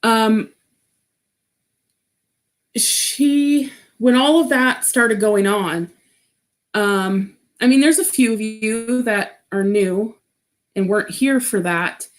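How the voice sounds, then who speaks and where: A woman's voice: a little high, slow pace, pauses often. A woman hosting a casual livestream, talking frankly with many restarts, nervous laughs and swearing. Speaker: livestream host. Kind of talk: casual livestream chat reading comments.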